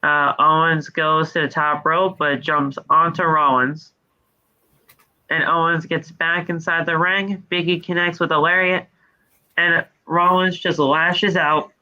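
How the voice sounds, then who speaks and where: A high, bright-toned man talks through a wrestling show on a podcast, swearing freely and recapping the action move by move. The audio is dull and lo-fi. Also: measured pace. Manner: profane, animated play-by-play recapping. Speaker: podcast co-host. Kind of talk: casual wrestling recap chat.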